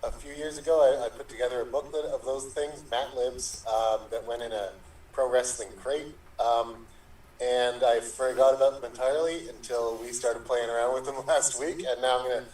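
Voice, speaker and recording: A man performing in an online improv show, talking in a relaxed way with hesitant fillers, over a video call. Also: medium pitch, normal speed. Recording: echoey room, distant from mic.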